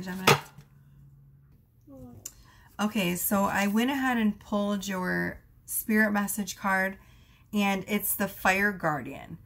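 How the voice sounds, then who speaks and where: A woman giving a casual tarot reading, rambling with many fillers and asides, her voice going hoarse. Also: mid-range voice, takes it slowly, pauses often, heavy background noise. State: losing her voice. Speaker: tarot reader.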